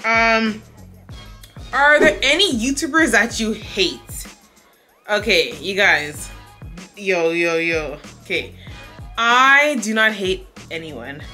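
A young woman from Canada chatting casually through a Q&A vlog, animated and laughing often. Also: mid-range voice, slow pace, long pauses, soft background music. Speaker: vlogger.

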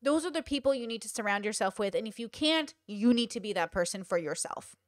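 A young woman talks straight to her listeners in an emphatic, casual way, stressing her points by repeating them. Her voice sits a little high, and the sound is dry and close, with no room echo. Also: lively intonation, a little fast. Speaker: podcast host. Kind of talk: casual advice talk.

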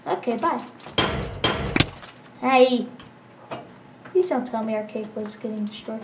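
High-voiced excitable woman gaming. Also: takes it slowly, long pauses, distant mic. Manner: excitable, exclaims and reacts loudly. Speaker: let's play gamer. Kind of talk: live gameplay commentary. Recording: roomy, away from mic, noisy.

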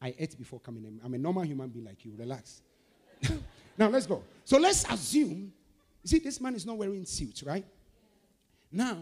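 A man preaching a sermon, moving between fervent, rhythmic chanted declarations and calmer teaching. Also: sits high.

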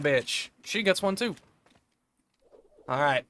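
A man's voice: a little high, lively intonation, unhurried, pauses often, a bit bright, slight background noise. A young man streaming a game, joking crudely and laughing often in casual chat.

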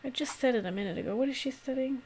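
A woman's voice: sits high, racing, darkish tone, a little hiss or hum. Rambling woman game master. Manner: rambling, filler-heavy narration. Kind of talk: narrating a tabletop game.

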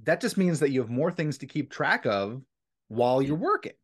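Male co-host, casual podcast chat, easygoing, animated pitch. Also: normal speed, breathy edge.

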